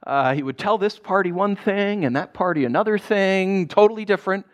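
A male pastor preaching a sermon in an animated, jokey way, acting out the people in his stories. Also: high voice, fairly quick.

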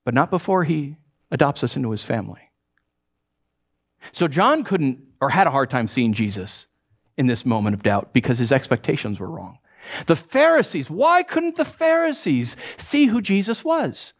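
A male pastor preaching a sermon in a lively, joking way, often putting on voices for quotes. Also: normal speed. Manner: animated, acts out quotes in high voices, jokes with congregation.

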